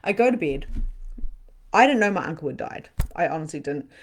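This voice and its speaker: Woman, spiritual coach, lively swooping pitch, animated storytelling, swears and laughs. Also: a little fast, a little hiss or hum. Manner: animated, laughs often, swears for emphasis, acts out scenes; turns quiet and subdued when speaking of loss. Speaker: spiritual coach hosting a live online session. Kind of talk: casual storytelling to a live audience.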